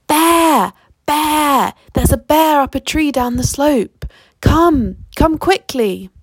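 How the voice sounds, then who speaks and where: A woman voicing an excited male local forest guide calling out eagerly. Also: sits high, slow, dry recording, pitched above the performer's own voice. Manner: breathless, eager shouting.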